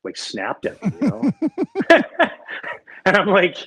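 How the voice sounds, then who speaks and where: A middle-aged man from Canada, a former pitcher, chatting as a guest and telling stories with lively laughs and quick restarts. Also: breathy edge, low-quality recording. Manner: animated storyteller, laughs often, restarts words. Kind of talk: casual interview chat, storytelling.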